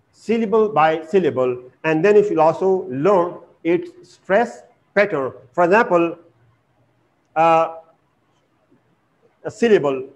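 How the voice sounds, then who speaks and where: A man with a high-pitched voice teaches an English lesson at a deliberate pace. He pauses on "uh" and repeats each word syllable by syllable, leaning hard on the stress. The recording is muffled and lo-fi. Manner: slow and deliberate, repeating words with exaggerated stress, frequent "uh". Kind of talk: vocabulary lesson. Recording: dull lo-fi recording.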